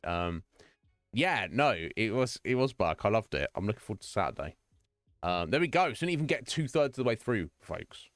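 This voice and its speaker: A man's voice: medium pitch, no echo. A man chatting casually with viewers on a game stream, rambling with lots of fillers and restarts.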